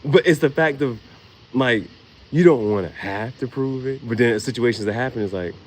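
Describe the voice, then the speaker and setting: A man's voice: medium pitch, moderate pace, background noise. A man vlogging in a casual comedic monologue, laughing often and swearing in slangy storytelling.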